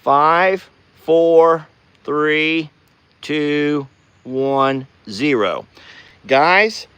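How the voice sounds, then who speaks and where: A man's voice: a little high, sing-song, unhurried, long pauses, fairly bright tone, no echo. A man with a Southern US accent, chatting folksily to viewers in a casual outdoor ranch vlog. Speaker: ranch vlogger. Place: outdoors on a farm pasture.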